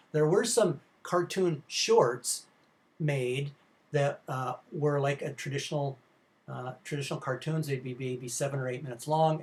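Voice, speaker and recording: A middle-aged man giving a recorded film lecture to students, rambling and informal, with many fillers and restarts. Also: medium pitch. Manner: informal, addresses students directly.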